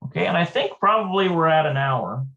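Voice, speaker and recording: A Hebrew teacher giving a live online lesson, thinking aloud, hesitant and repeating words slowly. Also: mid-range voice, animated, vocal fry, fairly bright tone, highs cut off.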